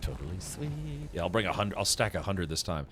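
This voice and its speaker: A man's voice: sits low, a little fast, background noise. A man streaming a video game, chatting casually and telling a rambling story with frequent laughs. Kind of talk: casual gaming stream chat.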